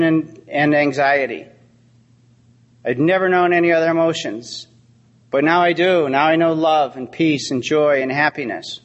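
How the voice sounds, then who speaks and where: Middle-aged man telling a recovery story. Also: a little high. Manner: storytelling, heartfelt with dry humor. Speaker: AA speaker. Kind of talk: recovery talk. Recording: long hall reverb.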